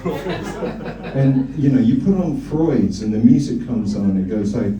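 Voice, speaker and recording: A man's voice: medium pitch, takes it slowly, dark tone, a little hiss or hum. A male stand-up comedian in a comedy club, rambling and teasing the audience. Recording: echoey club from a distance.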